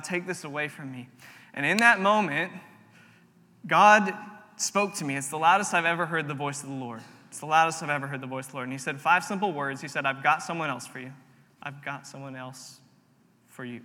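A man's voice: high voice, pushed and bright. A young man preaching a sermon in a hall, talking earnestly and telling a personal story with repeated phrases. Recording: long reverb of a large room.

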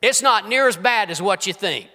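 A man preaching a sermon as pastor, dropping to hushed whispers and rising to emphatic, forceful lines. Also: high-pitched, animated, moderate pace. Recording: long hall reverb.

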